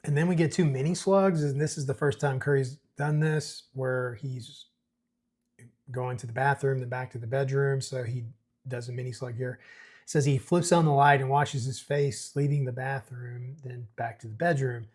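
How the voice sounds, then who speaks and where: Middle-aged man, host, husky, medium pitch, explanatory, relaxed. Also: moderate pace. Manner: explanatory, relaxed, with reading aloud. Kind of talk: screenplay breakdown, reading and commenting.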